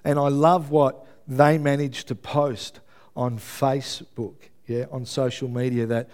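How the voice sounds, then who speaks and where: A man preaching a conversational sermon. He is earnest, checks in with his listeners with a quick "yeah?", and stumbles over his words as he builds intensity. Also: mid-range voice, level tone, a little mellow. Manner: builds intensity, stumbles and repeats himself when moved.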